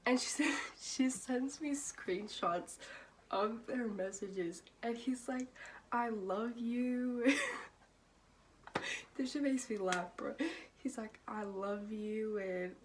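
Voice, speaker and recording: Young woman vlogger, casual storyteller, swears freely, laughs between lines, mid-pitched, faint background hum. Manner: casual, profane, laughs often, many "like" fillers. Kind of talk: storytime vlog.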